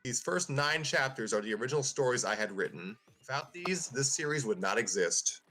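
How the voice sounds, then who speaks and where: A man's voice: medium pitch, fairly quick, soft background music. Man casually reading fan fiction aloud. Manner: relaxed reading aloud, chuckling at the text. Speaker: host and narrator.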